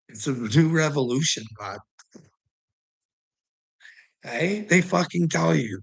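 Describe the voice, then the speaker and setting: A man's voice: fairly high pitch, lively intonation, slow pace, gravelly, long pauses, husky, rough recording. A Canadian man ranting casually to his viewers, rambling and profane, with frequent chuckles. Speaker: vlogger.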